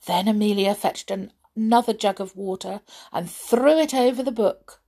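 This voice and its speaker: A woman reading a children's story aloud, expressive, with dramatic gasps. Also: medium pitch, normal speed.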